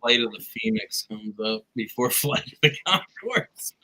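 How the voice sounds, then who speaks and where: A man casually chatting with his co-host, halting and restarting, playing along with the bits. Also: mid-range voice, lively intonation, pushed and bright, a little hiss or hum, poor audio. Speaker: podcast co-host. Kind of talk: casual chat.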